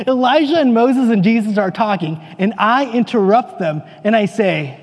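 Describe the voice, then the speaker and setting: A man playing a bewildered, excitable apostle, telling his story in earnest, rambling first-person monologue. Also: high-pitched, measured pace, long reverb tail. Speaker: actor in a church dramatic monologue.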